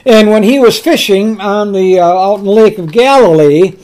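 A man preaching a sermon, telling scripture stories slowly and emphatically, often repeating his words. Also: sits high, a little mellow. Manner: earnest storytelling, slow and emphatic, with repeated words.

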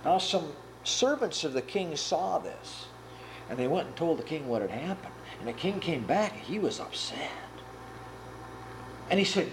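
A male preacher giving a sermon in a fairly high voice that swoops up and down as he tells a story. He sounds earnest and animated, with a faint hum of noise behind him. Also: moderate pace, rough recording.

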